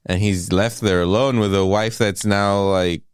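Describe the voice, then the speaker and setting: A man with a deep, smooth voice recaps a film for a podcast in a loose, profane way. He jumps into acted-out quotes as he goes. The recording is dry and close. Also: fairly even intonation, unhurried, no room sound. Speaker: podcast co-host. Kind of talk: casual movie-review chat.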